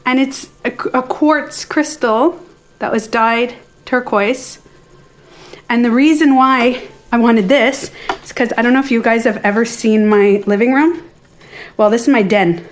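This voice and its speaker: A middle-aged woman hosting a casual live stream from her den at home, slightly out of breath, chatting to viewers and reading their comments as she goes, with soft music playing behind her. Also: a little high, fairly even intonation, unhurried. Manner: chatty, self-interrupting, talks to viewers and reads their comments.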